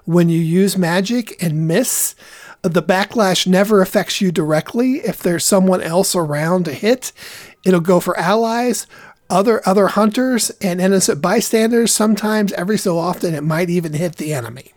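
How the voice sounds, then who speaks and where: A player describes what their character does in a tabletop game, pausing often with fillers as they work out the move. The voice is mid-pitched and recorded close and dry. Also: dry recording. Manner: animated, hesitant with many fillers.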